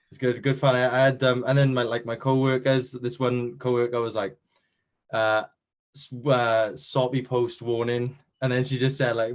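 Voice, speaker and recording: A young man from Wales, speaking with a Welsh accent, modestly discusses winning a competition in a casual interview, full of fillers and restarts. His mid-range voice is smooth, moves little in pitch, and keeps a normal speed.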